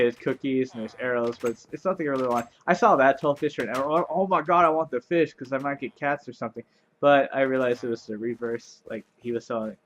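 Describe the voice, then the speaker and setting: A man giving casual gameplay commentary, rambling and chatty with lots of fillers, playfully sarcastic and easily excited. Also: mid-range voice, slight background noise. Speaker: let's play commentator.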